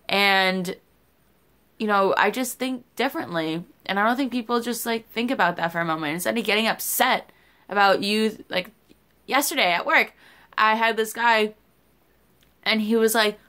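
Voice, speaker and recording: A woman's voice: mid-range voice, normal speed, fairly bright tone. A young woman in a casual vlog, talking candidly and rambling, swearing freely as she shares personal stories. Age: young adult. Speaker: YouTuber.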